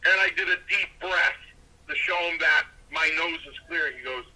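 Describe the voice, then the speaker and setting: A man tells a long story in a lively, animated way and switches voices for the people he quotes. His voice is very bright and a bit husky, and it is pitched slightly high. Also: normal speed, rough recording. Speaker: guest, former pro wrestler. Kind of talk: casual storytelling.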